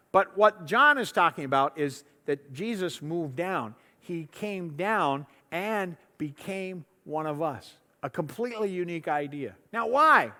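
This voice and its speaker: Man, pastor, conversational sermon, repeats words, higher voice, long church reverb. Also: bright, forceful tone. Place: church sanctuary. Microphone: lapel mic.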